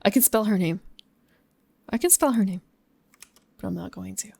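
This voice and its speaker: This is casual live-stream chat from a woman gaming at home, who talks to viewers between gameplay, muses aloud and laughs often. Her mid-range voice is creaky and mellow at a moderate pace, with no room sound.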